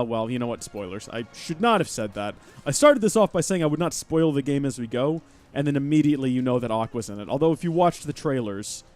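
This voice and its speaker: Lively young male streamer, chats with viewers over light music, wide pitch swings. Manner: chatty and animated, thanking chat mid-game. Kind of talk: live gameplay commentary.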